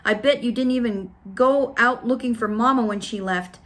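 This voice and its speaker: Woman reading as storybook girl: raised, pleading, emotional, higher lines. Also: animated, moderate pace, close to an everyday voice. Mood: upset, pleading. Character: spirited young girl, upset and pleading.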